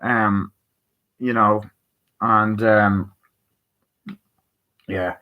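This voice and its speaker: A man's voice: on the low side, level tone, very slow, narrow, tinny audio. A man giving a casual spoken film review, rambling with lots of fillers and casual swearing. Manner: rambling, swears freely, retells scenes with heavy fillers. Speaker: movie reviewer.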